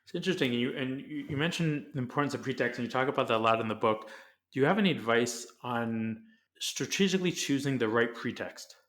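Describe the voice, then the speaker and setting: A man hosting a podcast who asks the guest interview questions in a measured, deliberate way. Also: mid-range voice, lively intonation, a bit bright. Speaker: podcast host.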